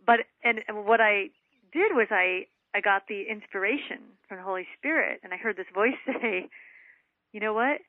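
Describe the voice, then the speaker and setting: A woman's voice: medium pitch, moderate pace. A woman author speaks earnestly, leaning on "you know" between her thoughts. The sound comes through a narrow, phone-like band. It is dry and close, with no room echo. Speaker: guest author. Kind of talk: casual spiritual conversation. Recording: tinny phone line, dry.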